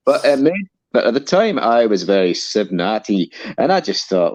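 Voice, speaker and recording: A man talking in a steady, deliberate, opinionated way in a casual chat, as a co-host. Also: medium pitch, dull audio.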